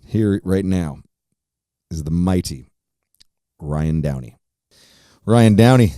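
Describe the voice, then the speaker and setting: Low, dark-voiced profane podcast host. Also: male voice, slow, no echo, clean studio sound. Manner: profane, rambling, laid-back. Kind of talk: casual podcast chat.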